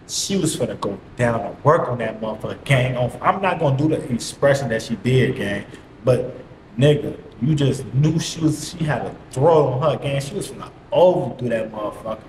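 A man's voice: mid-range voice, animated, moderate pace, darkish tone. A young man telling a story in a casual, slangy, profane monologue full of repeated catchphrases. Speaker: vlogger. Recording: echoey room, faint hiss.

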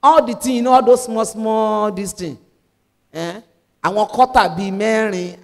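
Lively Nigerian woman evangelist preaching. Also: medium pitch, normal speed, in a large hall. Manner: animated preaching, mixing in Pidgin. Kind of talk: sermon.

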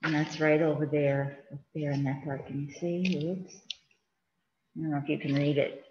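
A woman's voice: sits low, level tone, moderate pace. A woman, a children's librarian, reading picture books aloud to kids and chatting as she handles the pages. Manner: chatty, sing-song, fussing with the book on camera. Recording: roomy, dull lo-fi with faint hiss.

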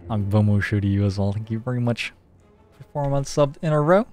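Male streamer, deeper register, unhurried over-explainer of every move, soft game music under him. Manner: relaxed, thinks aloud, explains at length with frequent "like". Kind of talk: casual live-stream gameplay commentary.

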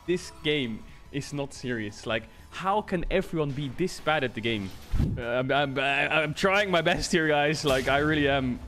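A man's voice: a little high, measured pace, fairly bright tone, faint music behind. A young man streaming a video game and commenting live, exasperated with his teammates, swearing and laughing in disbelief.

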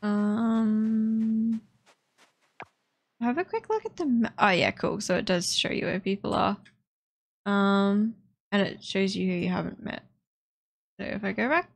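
A woman's voice: mid-range voice, creaky. A woman giving casual let's play commentary as she explores a game, chatty and hesitant with many fillers, breaking into squeals of delight at cute animals.

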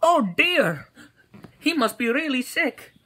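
A woman's voice: high-pitched, sing-song, slow, bright, forceful tone, heavily acted. A woman voicing a helpful male bird neighbor who sounds concerned and eager to help.

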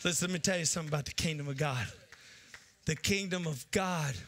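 A man preaching a sermon as pastor. He shouts in bursts, drops low, and acts out the people in the story. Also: a little fast.

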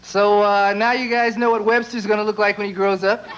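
High-voiced young comedian on stage. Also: male voice, brisk. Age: young adult. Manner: wry, deadpan asides, acts out quoted characters. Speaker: stand-up comedian. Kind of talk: stand-up comedy set. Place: stage before a live audience. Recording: dull lo-fi TV broadcast, loud crowd and noise.

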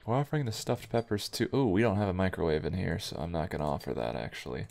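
Talking fast in a low, gravelly voice with a darkish tone, a young man hosting a gaming video plays through a game. His commentary is wry and offhand, mostly muttered asides to himself.

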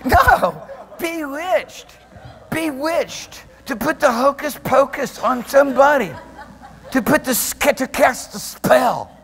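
High-voiced preaching pastor in reverberant hall. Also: male voice, slow, gravelly. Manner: animated preaching, swinging from soft murmurs to loud shouts; laughs often while preaching. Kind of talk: sermon. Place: church sanctuary.

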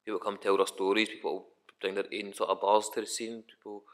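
A man's voice: fairly low pitch, level tone, brisk, fairly bright tone. A young Scottish man, a rapper guest on a podcast, talking in a rambling, casual way and swearing often. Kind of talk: casual chat.

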